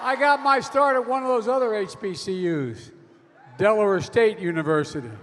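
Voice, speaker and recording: An older male politician shouting a campaign rally speech. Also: sits high, normal speed. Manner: shouting over the crowd. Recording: loud crowd and noise.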